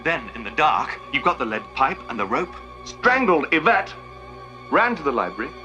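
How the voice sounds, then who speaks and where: An actor playing a frantic butler who breathlessly reenacts a string of murders, in film dialogue over score music. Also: male voice, medium pitch, sing-song, normal speed, lightly acted. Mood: theatrical accusing. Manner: breathless, theatrical, accusing.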